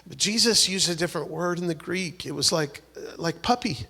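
A man preaching a sermon, swinging between loud exhortation and hushed, whispered prayer, acting out the voices he quotes. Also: fairly high pitch, brisk, gravelly, husky. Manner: acts out quoted voices, repeats words and restarts.

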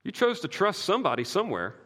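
A man preaches in an animated, emphatic way, dropping to near-quiet and then surging louder. His voice is fairly high and bright, full of casual "like" asides. A long reverb tail hangs on every phrase. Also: fast, husky. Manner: emphatic, swings from quiet to loud. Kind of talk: sermon.

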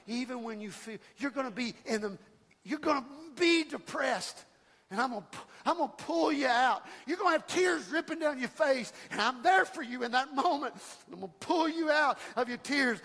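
High-voiced preacher shouting in a reverberant hall. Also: male voice. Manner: impassioned, rising to shouts; calls for congregation responses. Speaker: pastor. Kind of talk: sermon.

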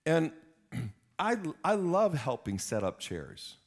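A man's voice: on the high side, big pitch swings, slow. A man in his fifties, a pastor preaching a sermon, emphatic and repeating words for stress.

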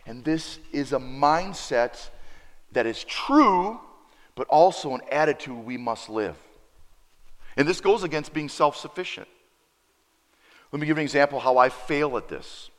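A man preaching a sermon in a reverberant hall, his voice somewhat high and swinging widely in pitch. He acts out the lines of the people in his story with animated, shifting delivery. The sound carries a long echo. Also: measured pace, long pauses. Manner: animated storyteller acting out dialogue. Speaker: pastor.

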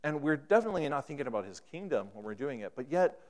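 Preacher in a reverberant hall. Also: male voice, medium pitch, big pitch swings, fast. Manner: acts out dialogue in an anecdote, voice rising and falling. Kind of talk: sermon.

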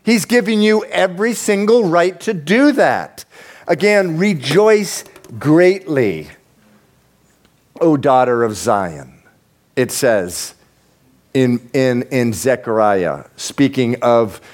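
A man preaching a sermon as pastor, conversational and animated, rising into emphatic peaks. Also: mid-range voice, takes it slowly.

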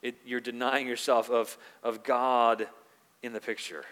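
A man preaching a sermon in an earnest manner. He grows louder when he quotes scripture and drops soft on quieter points. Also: medium pitch, little pitch movement, a little slow, in a large hall. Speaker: pastor.

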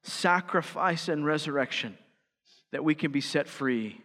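A man preaching a sermon as pastor, rising to emphatic peaks and dropping to quiet, earnest lines. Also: on the high side, a little slow, long reverb tail.

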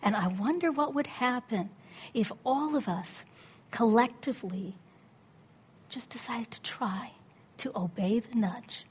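A middle-aged woman preaching a sermon, telling a story with lively acted-out inner dialogue. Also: a little high, unhurried, pauses often, husky. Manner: animated storytelling, acts out her own inner voice.

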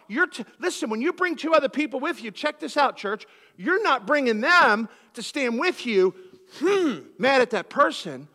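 A male pastor from Philadelphia giving an animated sermon in a church, acting out conversations as he preaches. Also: extremely high pitch, moderate pace, in a large hall.

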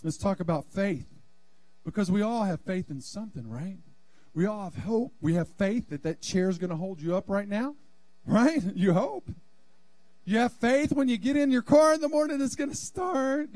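High-voiced fervent male preacher. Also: expressive, normal speed, darkish tone, dry recording. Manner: fervent preaching, calls on the congregation to respond. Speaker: pastor. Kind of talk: sermon. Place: church sanctuary.

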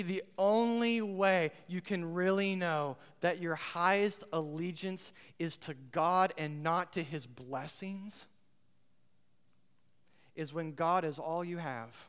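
A man preaching a sermon as pastor, impassioned, swinging between loud outbursts and hushed moments. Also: sits high, slow, clean tone. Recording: long reverb of a large hall.

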